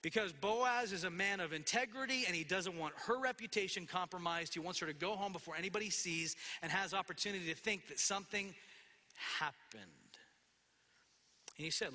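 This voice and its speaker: High, bright-voiced preacher in a hall. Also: male voice, animated, moderate pace. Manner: expository preaching with quoted scripture and asides. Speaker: pastor. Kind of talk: sermon. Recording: long hall reverb.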